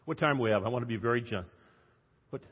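An older man preaching an evangelistic sermon, telling stories dramatically and moving from hushed tones to loud emphatic passages. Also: mid-range voice, fast, husky. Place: church sanctuary. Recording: dull sound with long hall reverb.

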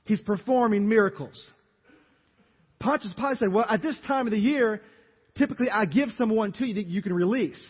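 A man preaching a sermon as pastor, telling the story dramatically and acting out the crowd's shouts. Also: high voice, brisk, breathy edge. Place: church sanctuary. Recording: dull reverberant church recording.

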